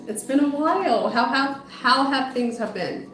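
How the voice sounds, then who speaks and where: Slow-talking woman reading tarot live. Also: high voice, lively intonation, fairly bright tone. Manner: chatty, greets viewers, trails off and restarts. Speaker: spiritual medium and psychotherapist. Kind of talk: casual livestream chat with tarot readings. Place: home, dog heard outside. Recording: roomy sound with music behind.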